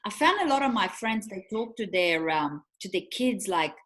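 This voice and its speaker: A woman's voice: medium pitch, big pitch swings, normal speed, a bit bright. Woman, 40s, chatty co-host, rambling storyteller with fillers. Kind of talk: casual chat.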